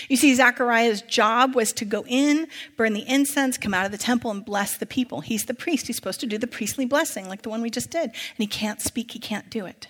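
A woman with a fairly high voice preaches in a church sanctuary, moving between scripture reading and loose, chatty asides to her listeners. Her voice rings out with the long reverb of a large hall. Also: a little fast, hardly any pauses, a bit bright.

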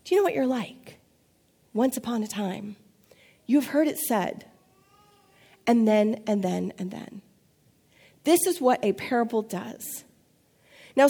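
A woman preaches a sermon. She tells the story in a lively way, dropping playful asides and acting out the voices of the people in it. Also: fairly high pitch. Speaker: pastor.

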